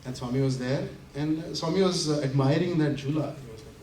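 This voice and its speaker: A man with a slightly high voice tells anecdotes to a gathered audience, laughing often as he acts out each quote. He sounds a little away from the microphone, in a roomy hall with a faint hum of ambience behind him. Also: brisk, few pauses, far from the mic. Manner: animated, laughing often while acting out quotes. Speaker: invited speaker. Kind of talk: storytelling talk to an audience. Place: community center hall.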